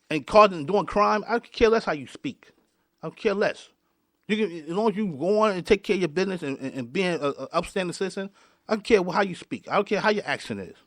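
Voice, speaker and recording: Male podcast host with a high voice, ranting hard and tripping over repeated words. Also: no echo, clean studio sound. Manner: fired up, repeats and restarts words often. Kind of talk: heated podcast rant.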